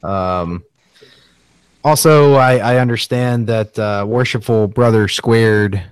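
A man's voice: fairly low pitch, slow pace, clean tone, no echo. A man hosting a casual podcast chat, teasing his co-hosts with dry humor. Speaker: podcast host.

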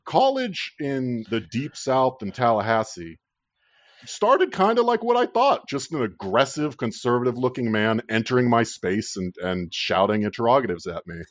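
A man's voice: mid-range voice, very animated, moderate pace, no echo. A man in his thirties casually telling a rambling personal story, swearing freely and laughing at his own tale.

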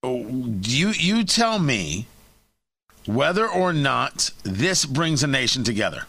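A man's voice: medium pitch, very animated, slow pace, gravelly, bright, forceful tone, slightly rough, no room sound. A man hosting a talk radio show, giving sarcastic, emphatic opinion and often repeating and restarting his phrases.

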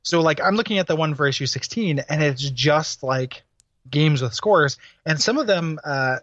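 A man's voice: on the high side, lively intonation, moderate pace, a bit bright, no echo, muffled recording. A man co-hosting a podcast, talking casually in a rambling way with many fillers and restarts. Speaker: podcast co-host. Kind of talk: casual chat.

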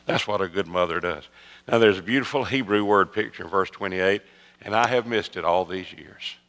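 Preacher in a reverberant hall. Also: male voice, low voice, moderate pace. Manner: storytelling, swings from loud emphatic peaks to soft hushed asides. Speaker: pastor. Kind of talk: sermon.

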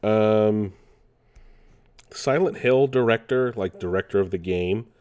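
Man, gaming news host, lowish voice, casual, rambling, lots of fillers. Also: slow, a little mellow, smooth. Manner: rambling, with frequent fillers and self-corrections.

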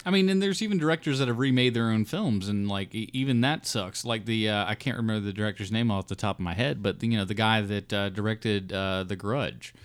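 A man hosting a casual film podcast, talking in halting bursts with frequent restarts and fillers, swearing now and then. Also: on the low side, clean tone. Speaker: podcast host.

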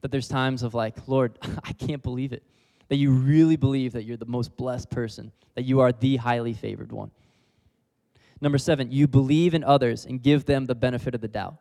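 A man's voice: medium pitch, steady tone, a little fast, gravelly, warm tone. A young man preaching a casual sermon, laughing often as he talks. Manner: casual, laughs often, leads the crowd in repeating lines. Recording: long hall reverb.

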